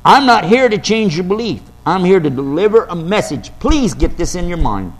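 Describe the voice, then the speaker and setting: Guy with a high voice preaching, arguing, acts out quotes and gets loud. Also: sing-song, moderate pace. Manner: argumentative, quotes scripture dramatically, rises to shouts. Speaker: Islamic preacher. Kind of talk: religious talk to an audience.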